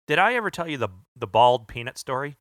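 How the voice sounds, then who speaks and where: A man's voice: medium pitch, very animated, fast, fairly bright tone, no room sound, clean studio sound. A man co-hosting a podcast, chatting and telling a wisecracking anecdote. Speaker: podcast co-host. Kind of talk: casual chat.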